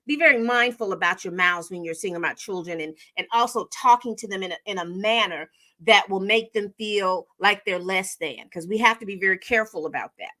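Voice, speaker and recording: A woman chatting casually through a TV episode recap, animated and full of fillers and self-corrections. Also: medium pitch. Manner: chatty, animated storytelling with acted-out quotes. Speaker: TV recap host.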